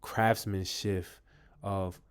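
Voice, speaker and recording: Low-voiced man rambling through book picks. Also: flat delivery, drawn-out words, smooth. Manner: rambling, many ums and restarts; addresses viewers as "you guys". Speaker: vlogger reviewing books. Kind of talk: casual talk to camera.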